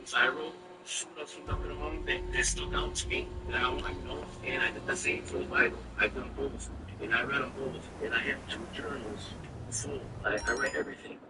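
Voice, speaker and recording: A man's voice: mid-range voice, steady tone, moderate pace. A man giving an emotional personal testimony. He repeats phrases often and speaks earnestly. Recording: distant mic with loud background noise.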